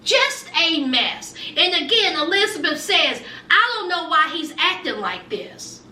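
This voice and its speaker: A woman's voice: very high-pitched, sing-song, normal speed, sharp tone, roomy sound, recorded from a distance, slight background noise. A woman giving a chatty, sassy recap of a reality show, talking straight to her viewers. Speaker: recap vlogger.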